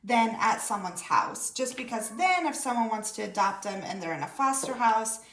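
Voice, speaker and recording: A woman vlogger with a slightly high, expressive, fairly bright voice speaks at a moderate pace in an echoey room. An adult mother of a school-age daughter, she tells her viewers a story casually and chattily, packed with quoted dialogue.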